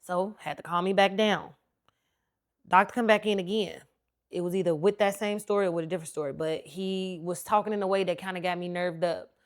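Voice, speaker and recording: A woman podcast host, telling a personal story in an animated, talkative way and acting out what people said. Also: on the low side, brisk. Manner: animated, talkative storyteller who acts out quotes.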